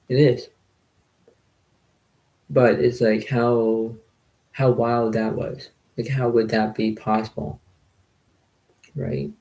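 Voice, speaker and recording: A man talking quietly and softly to his viewers in a casual, rambling recap, often circling back to the same phrases. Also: mid-range voice, vocal fry, low-quality recording. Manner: quiet, soft-spoken, repetitive and rambling. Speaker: poker video creator.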